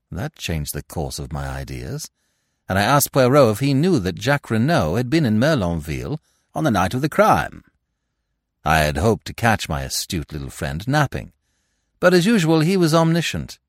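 Deep-voiced male audiobook narrator. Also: sing-song, no room sound, studio quality. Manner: measured first-person storytelling. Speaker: podcast narrator.

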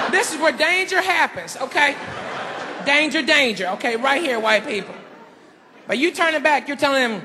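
A male stand-up comedian telling an animated story on stage. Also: very high-pitched, moderate pace, long reverb tail, background noise. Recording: live comedy show, loud crowd.

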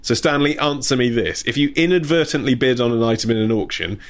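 A man co-hosting a podcast who reads listener questions and makes quick jokes. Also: medium pitch. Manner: jokey, quick quips. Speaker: podcast co-host.

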